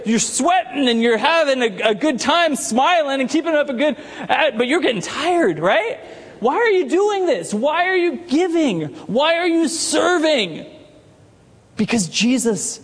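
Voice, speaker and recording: A man's voice: very high voice, in a large hall. A man preaching a sermon as pastor, talking conversationally and putting questions to the congregation.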